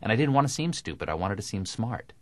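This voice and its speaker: Deadpan guy with super crisp diction, lowish voice, very dry studio mic. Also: fast, no echo. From American South. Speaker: comedian guest. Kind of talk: radio interview conversation.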